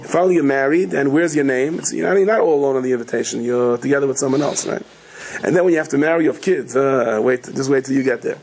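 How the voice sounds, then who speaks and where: Fast-talking gravelly rabbi preaching. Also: male voice, medium pitch, a little mellow, low-quality recording. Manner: rapid, chatty, joking storyteller. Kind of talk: sermon with humorous storytelling.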